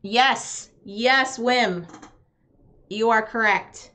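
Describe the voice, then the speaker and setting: Lady streaming a dice game live, talks slow, chats with viewers a lot. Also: a little high, sharp tone. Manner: chatty, addresses viewers, laughs often. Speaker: streamer playing a roll-and-write game.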